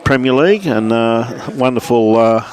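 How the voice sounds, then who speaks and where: A man's voice: mid-range voice, moderate pace, darkish tone. Man, Australian accent, lawn bowls commentary, chatty, greets viewers. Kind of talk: live sports commentary. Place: indoors at a bowls club.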